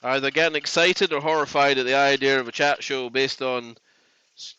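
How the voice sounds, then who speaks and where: Chatty, bright-voiced man on a live stream. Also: mid-range voice, little pitch movement, normal speed, smooth, no echo, dull audio. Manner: chatty, rambling, jokey. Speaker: woodworking live stream host. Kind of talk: casual live stream chat. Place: home workshop.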